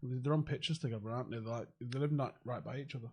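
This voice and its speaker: A man's voice: mid-range voice, quick pace, breathy edge. A man, co-hosting a football fan watchalong with blunt, sweary, dry humour. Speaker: co-host of a football fan stream. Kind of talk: casual chat, reading viewer comments.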